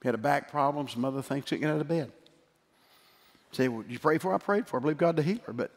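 A middle-aged man preaching a sermon as pastor, emphatic, swinging from loud declarations to quiet storytelling. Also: on the high side, fast talker. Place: church sanctuary. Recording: long hall reverb with faint music.

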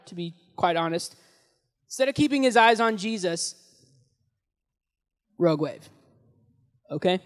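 A young man preaching as a youth pastor, telling the story in an animated, casual way with slang, swinging between loud and hushed, in a large hall. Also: high voice. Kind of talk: sermon. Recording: long echoey hall reverb.

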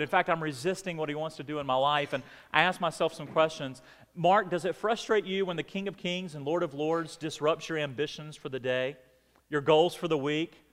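A high-pitched male pastor preaching a sermon to his congregation. He builds to forceful, emphatic peaks and then sinks into quiet, low phrases. His voice rings with a long hall reverb. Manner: preaching with rising emphatic outbursts and dramatic drops. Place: church sanctuary.

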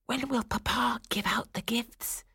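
A woman voicing an eager, excitable young boy in a storybook reading, calling out brightly. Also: high-pitched, moderate pace, dry recording, studio quality, pitched above the performer's own voice. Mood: whispering. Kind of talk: storybook narration.

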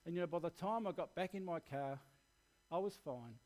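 An Australian man delivering a sermon to his church, earnest and candid as he shares his own story. His voice sits a touch higher than most men's, and he speaks plainly and directly. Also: lively intonation, normal speed, darkish tone. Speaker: preacher.

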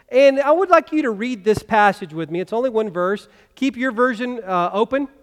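A man preaching a sermon as pastor, talking conversationally and asking the congregation rhetorical questions. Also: sits high. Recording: long reverb of a church hall.

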